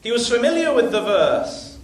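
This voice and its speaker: Male preacher, emphatic storyteller, high voice, off-mic in a very echoey hall. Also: sing-song, normal speed, recorded from a distance, a little hiss or hum. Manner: emphatic storytelling with religious phrases. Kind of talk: storytelling sermon.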